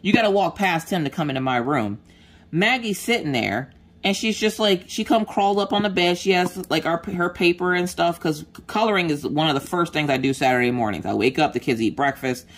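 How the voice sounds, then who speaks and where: A craft vlogger with a fairly low, fairly quick female voice chats casually as she works. She's an animated storyteller who acts out the voices and quotes in her story, with a bit of mild swearing.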